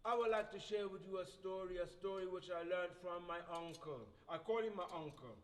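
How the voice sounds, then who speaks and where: Male host, easy folksy storyteller, fairly high voice; reverberant hall. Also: brisk. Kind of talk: live storytelling. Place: library event hall. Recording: reverberant hall, faint noise.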